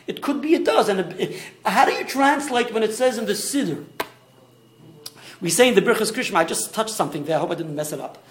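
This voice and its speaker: A rabbi leads a small Torah class in an echoey room. His voice sits high for a man and swings widely in pitch as he explains. He often restarts and tosses in asides. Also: a little fast, slight background noise. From Australia. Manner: animated, stop-start explaining with many restarts and asides.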